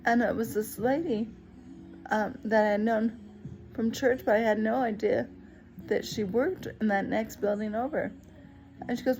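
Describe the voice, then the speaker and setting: Expressive woman telling a personal story. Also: a little high, moderate pace, pauses often, soft background music, rough recording. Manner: lively, expressive retelling, acting out other people's lines. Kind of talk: personal story told to the camera.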